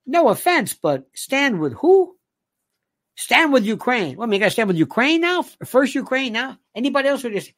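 A man's voice: very high-pitched, big pitch swings, normal speed, fairly bright tone. Sarcastic male commentary host. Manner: sarcastic, exasperated, with rhetorical questions and restarts. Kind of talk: casual political rant.

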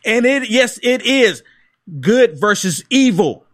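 A man's voice: very high voice, very animated, takes it slowly, fairly bright tone. A man co-hosting a casual political chat, emphatic and peppering his talk with "dude". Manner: emphatic, keeps saying dude. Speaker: podcast co-host.

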